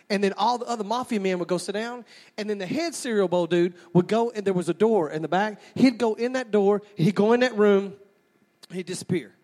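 Preacher, male, bright high voice, lively storytelling sermon delivery. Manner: animated storyteller, acts out childhood scenes.

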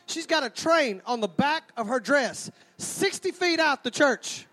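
A man telling a stand-up story, animated and full of mimicked sound effects. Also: very high voice, unhurried, few pauses, faint music behind. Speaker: stand-up comedian.

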